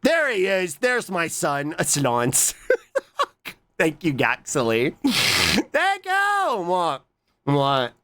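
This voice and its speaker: A streamer chatting casually with viewers while reacting to clips, playful and swearing, with sudden high squeaky exclamations. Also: lively intonation, extremely slow, a bit bright. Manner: playful, swears casually, reads chat aloud and thanks viewers.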